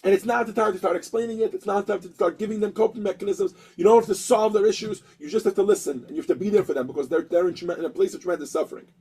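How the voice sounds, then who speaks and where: Husky high-voiced man teaching a lesson. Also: very fast, few pauses, low-quality recording. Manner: animated storyteller acting out characters, frequent restarts. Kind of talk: storytelling lesson.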